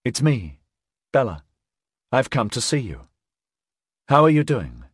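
A man voicing an earnest, determined woman who pleads softly and persuasively, in an audiobook. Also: mid-range voice, huge pitch swings, measured pace, breathy edge, no echo, studio quality, voice pushed up, heavily acted. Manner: earnest, persuasive, soft-spoken.

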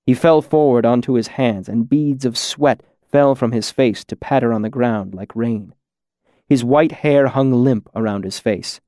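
A man narrating a fantasy story in a measured, deliberate reading. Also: medium pitch, warm tone, dry recording, studio quality. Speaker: audiobook narrator.

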